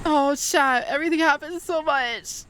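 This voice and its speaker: An excitable woman on a gaming livestream, chatting to viewers while she plays and swearing freely. Her voice sits a little high. A faint hiss runs under the audio. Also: moderate pace. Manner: excitable, swears often, talks to chat while playing. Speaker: VTuber streamer.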